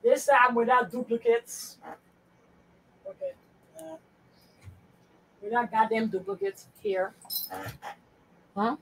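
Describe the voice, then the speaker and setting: A woman's voice: fairly high pitch, expressive, slow pace, pauses often, a little hiss or hum, rough recording. A woman co-hosting a podcast in casual chat, blunt and profane, muttering to herself as she sorts files. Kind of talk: casual chat while sorting files on screen.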